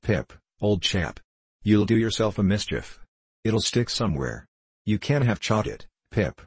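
Guy doing a slow kindly blacksmith, deep voice, dry sound. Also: sing-song, husky, no echo, heavily acted. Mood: worried. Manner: slow, solemn, confidential. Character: kindly simple village blacksmith, man.

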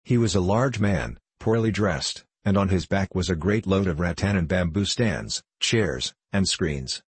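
A male audiobook narrator reading in a steady, measured way. His voice is very low with a husky grain. The recording is dry and close, with no room sound. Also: no echo.

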